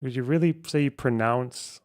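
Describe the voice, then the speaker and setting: A man's voice: mid-range voice, moderate pace, clean tone. A man hosting a casual livestream, thinking aloud and muttering over a word puzzle, swearing now and then. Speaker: livestream host.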